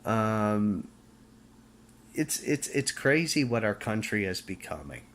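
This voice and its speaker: Slow and sing-song, his low voice a bit bright over slight background noise, a Canadian man rants casually to camera as a vlogger. He's fiery and preachy, emphatic, often restarting phrases and asking "okay?"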